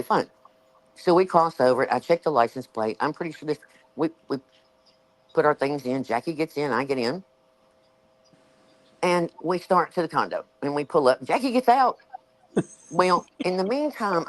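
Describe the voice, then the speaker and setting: A woman with a Southern US accent, hosting a show and telling a story in casual chat, animated and acting out the voices she quotes. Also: a bass voice, low-quality recording. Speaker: show host.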